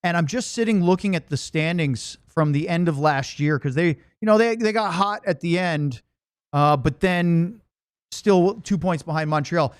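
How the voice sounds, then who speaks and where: A man's voice: on the high side, moderate pace, clear, resonant tone, no room sound, studio quality. A man hosting a sports podcast, thanking a guest and leading the talk in a friendly, upbeat way. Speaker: podcast host. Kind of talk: casual podcast chat.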